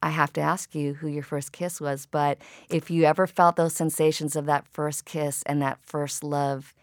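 Low-pitched woman filmmaker chatting in an interview, thoughtful, dry sound. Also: level tone, normal speed, no echo. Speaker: filmmaker guest. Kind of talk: interview conversation.

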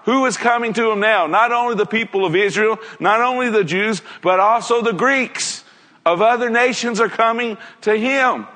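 High-voiced man preaching in a reverberant hall. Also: normal speed, pushed and bright. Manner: earnest, asks the listeners many rhetorical questions. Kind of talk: sermon.

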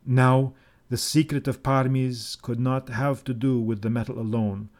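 A man reads a first-person tale aloud in a measured, solemn way. His voice sits at an ordinary middle pitch, and he delivers each sentence as carefully paced scripted narration. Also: little pitch movement, a little mellow. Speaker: audiobook narrator.

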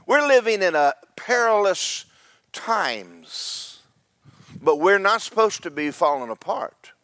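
Preacher guy, folksy jokey storytelling, bouncy pitch, dry close sound. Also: sing-song, slow pace, fairly bright tone, no echo. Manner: folksy storytelling with comic voices. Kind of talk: sermon.

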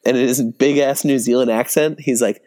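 A man's voice: medium pitch, fairly even intonation, fairly quick, mellow. Joking male podcast co-host. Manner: joking, laughing at his own bits. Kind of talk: casual chat about sports betting.

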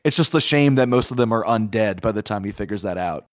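A man's voice: on the low side, lively intonation, fast, no room sound, clean studio sound. A man co-hosting a podcast, reviewing films in a loose, chatty way with lots of filler words. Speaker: podcast co-host. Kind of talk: casual film review chat.

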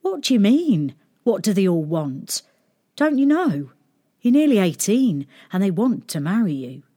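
A woman's voice: mid-range voice, big pitch swings, measured pace, dark tone, no room sound, clean studio sound. A woman voicing a cheeky young shepherd boy in a storybook reading, speaking in a matter-of-fact, teasing way.

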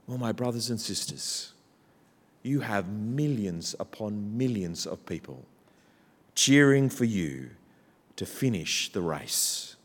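A man's voice: fairly low pitch, animated, slow pace. Man preaching in a reverberant church. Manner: builds from quiet to loud, rousing. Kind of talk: sermon. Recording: church hall with long reverb.

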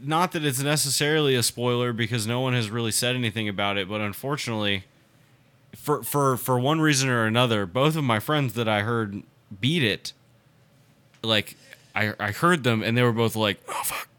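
A young man co-hosting a podcast in casual chat, joking and reacting with animated outbursts. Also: mid-range voice, moderate pace, smooth. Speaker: podcast co-host.

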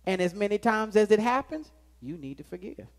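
Preacher guy in a church, cracks jokes at the crowd, goes big then drops real soft. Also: high voice, big pitch swings, brisk. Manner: dynamic preaching, swings from loud emphasis to hushed tones; joking asides to the congregation. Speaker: pastor. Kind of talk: sermon. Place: church sanctuary with live congregation.

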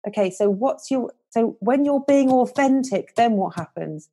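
Mellow-voiced woman coaching with gentle earnestness. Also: on the high side, expressive, moderate pace. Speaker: confidence coach, guest. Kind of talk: podcast interview.

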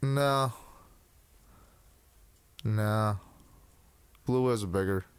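A man's voice: on the low side, extremely slow, smooth. A young man co-hosting a podcast, chatting casually and rambling with restarts and swearing. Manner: rambling, swears freely, many restarts and fillers. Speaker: podcast co-host.

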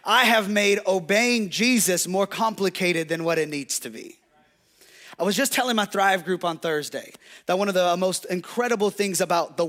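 Young male pastor, conversational preacher who tells stories and calls out to the room, voice pitched high. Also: sharp tone. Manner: conversational, storytelling with audience call-outs. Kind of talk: sermon.

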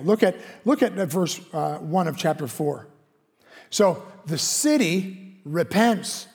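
Guy preaching a sermon, emphatic, acts out the prophet's complaints, bit high voice, big echoey hall. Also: expressive, slow pace, gravelly, a little mellow. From Canada. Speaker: pastor.

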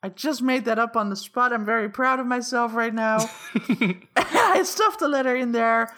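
A woman playing a tabletop game, describing her actions in a chatty, halting way. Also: fairly high pitch, fairly bright tone. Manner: chatty and halting, with many ums. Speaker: player. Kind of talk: casual tabletop play.

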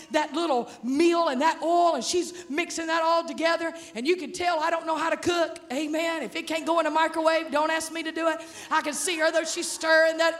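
A woman preaching with a very high voice. She tells the story with dramatic energy, breaking into shouts and laughter. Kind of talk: sermon.

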